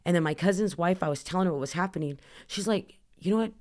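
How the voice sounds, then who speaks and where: As a guest on a podcast, this woman in her thirties recounts her personal experiences frankly, speaking fast in a fairly low, a little mellow voice. Her delivery is loose and chatty, thick with "like," and she voices other people's lines.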